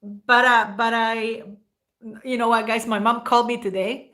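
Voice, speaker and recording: Her voice is fairly high and a little bright, steady in tone and at a normal speed. Hosting a relaxed livestream, she thanks her viewers one by one in a rambling, emotional way, occasionally on the verge of crying.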